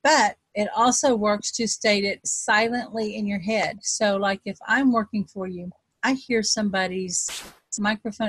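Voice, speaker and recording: A woman with a Texas accent, a self-described fast talker, teaching an online group in a chatty way with many ums. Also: medium pitch, no room sound. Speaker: wealth coach leading an online group. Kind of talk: casual webinar teaching.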